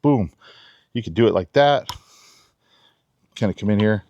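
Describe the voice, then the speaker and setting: A knife reviewer chats casually while demoing a knife outdoors in his backyard, laid-back and giggling on the side. His lowish voice has lively intonation and a slightly slow pace, and the lo-fi sound carries background noise.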